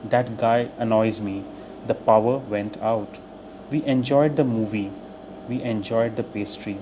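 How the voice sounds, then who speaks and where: A man teaching English, reading short everyday phrases aloud one by one in a clear, deliberate way. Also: on the low side. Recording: steady air-conditioner hum behind voice.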